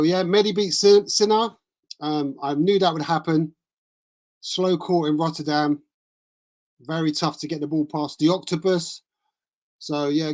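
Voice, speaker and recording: Chatty tennis streamer. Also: mid-range voice. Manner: rambling, chatty, thinks aloud with fillers. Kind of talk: casual live-stream chat. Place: cold room at home with a small heater.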